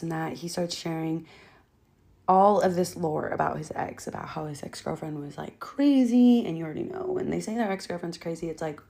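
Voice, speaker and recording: A woman's voice: fairly low pitch, darkish tone. Blunt young woman swearing through a storytime. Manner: blunt, exasperated, swears freely. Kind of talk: casual storytime.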